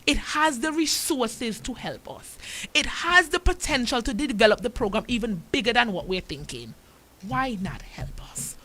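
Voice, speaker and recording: A woman's voice: fairly high pitch, animated, moderate pace, bright, forceful tone. A woman from Antigua with an Antiguan accent, a talk show guest who argues her case with impassioned rhetorical questions.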